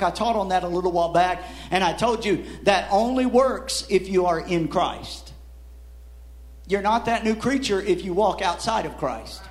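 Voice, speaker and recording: A preacher with a high voice builds his sermon through rising emphasis before sinking low. He often trips over repeated words and finishes with "Amen".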